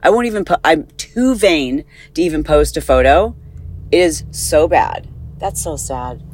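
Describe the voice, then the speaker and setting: A woman's voice: sits low, normal speed, a little hiss or hum, rough recording. Chatty woman with a slight lisp. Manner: chatty, rambling, animated. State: slight lisp from dental work. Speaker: podcast host. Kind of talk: casual chat, recorded on the go. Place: in a car.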